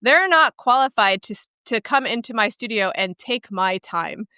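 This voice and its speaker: A woman's voice: fairly high pitch, expressive, moderate pace, bright, forceful tone, clear, resonant tone, no echo, clean studio sound. A woman putting on a haughty posh voice to play a snobbish photographer. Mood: snooty. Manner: exaggerated haughty put-on voice.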